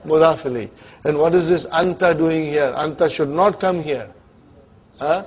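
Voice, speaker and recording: A man with a slightly high, husky voice teaches an Arabic grammar class at normal speed. He mixes English and Arabic grammar terms as he quizzes students and checks their understanding, and the classroom recording is dull and lo-fi.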